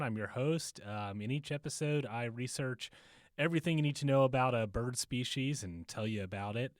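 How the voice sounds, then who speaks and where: A man hosts a podcast in an easy, rambling way, laughing at his own jokes between fillers. His voice sits at a middle pitch and is recorded dry and close, in a bookstore. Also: no room sound. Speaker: podcast host. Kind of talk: casual podcast monologue.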